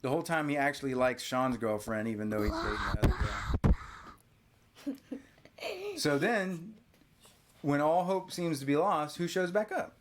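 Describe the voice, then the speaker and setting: A man hosting a podcast, casually retelling a film's story to a child and prompting with quick questions. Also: a little high, lively intonation, heavy background noise. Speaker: podcast host. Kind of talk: casual movie recap chat with a child.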